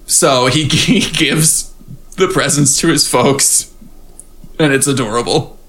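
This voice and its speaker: A man's voice: mid-range voice, slow, a bit bright. A man co-hosting a podcast, recapping a TV episode in playful casual chat and laughing often. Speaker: podcast co-host.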